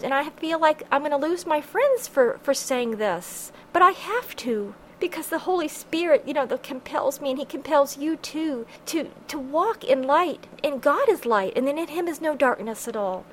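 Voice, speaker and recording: A woman delivers an earnest, preachy podcast monologue, stopping often to quote scripture in old-fashioned wording. Her voice sits a little higher than most women's. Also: a little hiss or hum, rough recording. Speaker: podcast host.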